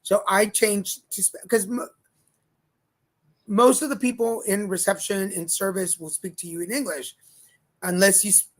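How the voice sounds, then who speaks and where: A man co-hosting a casual livestream chat show, telling a story in a lively way and acting out the other people in it. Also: sits high, moderate pace, long pauses. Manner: animated storyteller, acts out quoted lines. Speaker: co-host.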